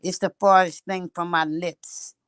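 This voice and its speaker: A woman's voice: on the low side, flat delivery, a little slow, slight background noise. Older woman speaking plainly. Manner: earthy, plainspoken, laughs easily. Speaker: activist guest. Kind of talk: casual call remarks. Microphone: video call.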